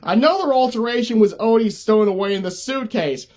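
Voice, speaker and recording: A man's voice: sits high, lively intonation, brisk, darkish tone. A man casually recapping an old cartoon special, laughing often as he talks. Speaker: cartoon reviewer.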